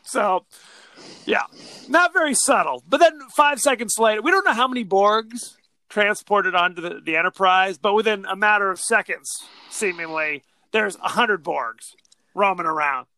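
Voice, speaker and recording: Bright-voiced man riffing on a movie. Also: high voice. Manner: animated, acts out scenes in quick mock voices. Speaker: podcast co-host. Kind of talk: casual movie discussion.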